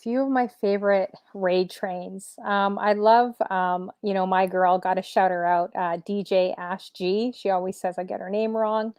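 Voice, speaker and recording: An upbeat woman DJ chats casually as an interview guest, full of fillers and a little hoarse from a long day. Her voice sits in a middle register and sounds close and dry, with almost no room around it. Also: mid-range voice, fairly even intonation, moderate pace, few pauses, darkish tone, no echo. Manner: upbeat, chatty, many fillers. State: slightly losing her voice. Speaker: streamer DJ guest.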